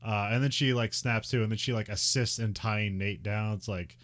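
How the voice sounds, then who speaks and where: A man's voice: lowish voice, steady tone, moderate pace, fairly bright tone. A man casually recapping a movie on a podcast, laughing often and slipping into mock voices for the characters. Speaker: podcast co-host.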